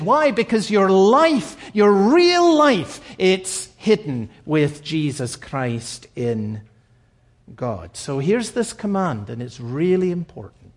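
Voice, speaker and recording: A man preaching a sermon in an earnest, emphatic way, slowing down to stress key phrases. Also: on the high side. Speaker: pastor. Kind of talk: recorded sermon.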